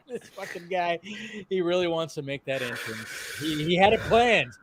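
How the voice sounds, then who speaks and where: A man's voice: high-pitched, expressive, measured pace, fairly bright tone, slight background noise. A man hosting a live panel stream over a video call, laughing and joking with his guests. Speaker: stream host. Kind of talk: casual panel chat.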